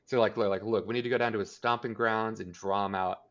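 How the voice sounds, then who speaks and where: A man's voice: on the low side, steady tone, quick pace, lo-fi sound. A man co-hosting a podcast, recapping a TV episode in casual chat and acting out the characters' lines. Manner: rambling, filler-heavy, acts out character lines. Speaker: podcast co-host.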